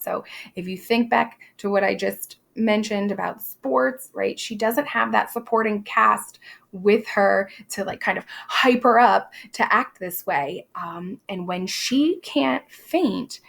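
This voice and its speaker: Woman teacher, casual classroom explainer, slow, gravelly, slightly high. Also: fairly bright tone. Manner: casual, chatty, many fillers. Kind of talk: classroom lesson explaining a play.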